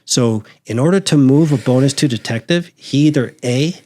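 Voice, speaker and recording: A man's voice: mid-range voice, normal speed. A middle-aged man, a retired sheriff's detective, telling stories in a casual interview and acting out the voices of the people he quotes. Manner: animated, acts out quoted voices in anecdotes. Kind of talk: casual storytelling.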